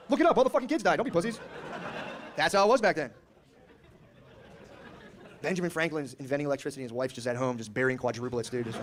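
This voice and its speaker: Male stand-up in his thirties, brash and profane, fast delivery, slightly high voice, live club mic with faint room noise. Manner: brash, profane, riffing with the crowd, acting out characters. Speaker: stand-up comedian. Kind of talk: stand-up comedy set. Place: comedy club stage with a live audience.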